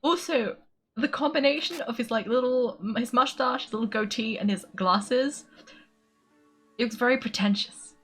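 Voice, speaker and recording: A woman's voice: on the high side, moderate pace, faint music behind. A young woman streamer chatting casually while she plays a game, laughing often. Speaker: gaming streamer.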